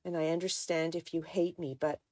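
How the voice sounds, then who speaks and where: A woman voicing an anxious, remorseful young woman in a quiet, uneasy way while reading a novel aloud. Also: fairly low pitch, flat delivery, moderate pace, dry recording, lightly acted.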